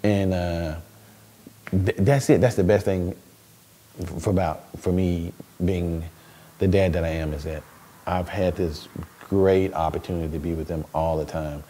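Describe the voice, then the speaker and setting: Man in his thirties, low register; casual interview guest, laughs through his stories, repeats himself. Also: unhurried, slight background noise. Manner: animated storytelling, laughs often, repeats words. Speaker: interview guest, stay-at-home dad.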